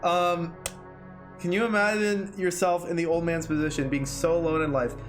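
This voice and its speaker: A man's voice: on the high side, flat delivery, normal speed, faint music behind. A young man streaming a game, chatting casually, reading its text aloud, swearing and reacting emotionally.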